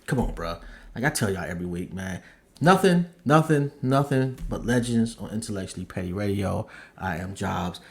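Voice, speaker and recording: A man hosting his own podcast in casual chat, excitable and slangy, swearing freely and breaking into high squeals when he gets worked up. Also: moderate pace, vocal fry. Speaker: podcast host.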